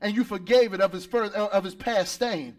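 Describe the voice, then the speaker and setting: A man preaching a lively sermon as pastor at a church service, rising to shouts and calling out for responses from the congregation. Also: sits high, normal speed.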